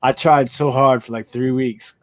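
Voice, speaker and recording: A man chatting casually with friends, halting and filling gaps with "like". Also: mid-range voice, fairly even intonation, dry recording. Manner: loose, halting talker with many "like"s. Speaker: co-host reseller. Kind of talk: casual chat.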